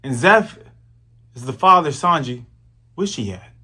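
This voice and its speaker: Animated man in his thirties reviewing manga. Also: medium pitch, measured pace, slightly rough. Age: 30s. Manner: animated, slangy, chatty. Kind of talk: casual commentary.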